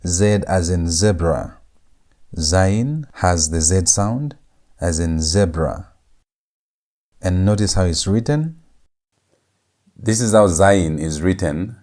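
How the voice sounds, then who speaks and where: A man teaching a language lesson, saying each letter sound over and over in a drawn-out, patient way. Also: deep voice, a little mellow. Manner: repeats each sound several times, drawn out. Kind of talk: slow lecture on letter pronunciation.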